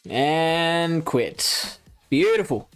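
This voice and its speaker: Drawing out his words, an Australian streamer speaks in a high, clean voice with lively intonation over soft background music. He hosts a live game stream, reads chat, chats casually, thinks aloud as he plays, and laughs at himself.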